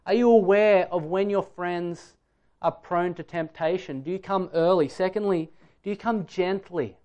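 A man's voice: high-pitched, normal speed, darkish tone, muffled recording. A man preaching a sermon in an earnest, emphatic way, putting direct questions to his listeners.

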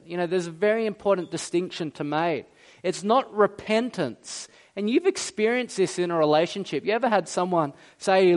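A man preaching a sermon in a conversational way, asking his listeners rhetorical questions and acting out quoted speech. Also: high voice. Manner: acts out quoted speech in varied voices. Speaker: pastor.

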